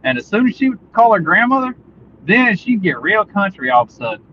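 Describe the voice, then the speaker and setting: A man with a Southern drawl from southern Indiana talks high and bouncy, his pitch swinging up and down as he tells a casual story. The stream audio sounds dull and lo-fi under a clear hiss of noise. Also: very animated, fairly quick, sharp tone. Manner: storytelling, chatty, plenty of "like". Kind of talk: casual podcast chat.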